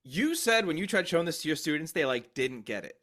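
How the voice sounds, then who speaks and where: Male co-host, high bright voice, casual plot recaps, quick jokes. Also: sing-song. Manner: recaps plot with jokey asides. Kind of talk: casual comedic chat.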